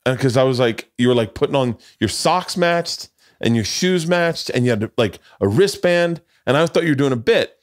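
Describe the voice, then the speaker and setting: A man's voice: mid-range voice, animated, normal speed, dry recording, clean studio sound. A man in his forties hosting a podcast, chatting casually, rambling through stories, swearing freely and acting out quotes. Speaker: podcast host. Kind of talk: casual chat.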